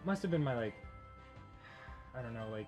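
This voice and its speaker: A man's voice: mid-range voice, animated, moderate pace, highs cut off, faint music behind. A man co-hosting a casual chat, telling a story in a rambling way full of fillers, restarts and laughter. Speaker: podcast co-host.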